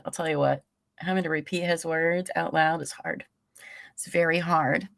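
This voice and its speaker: A woman with a lowish voice rants on her livestream about a trial, cursing freely. Her sound is dry and close. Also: fairly even intonation, unhurried, no echo. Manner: angry, profane, repeats courtroom audio aloud. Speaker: livestream host commenting on a trial. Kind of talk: casual livestream commentary.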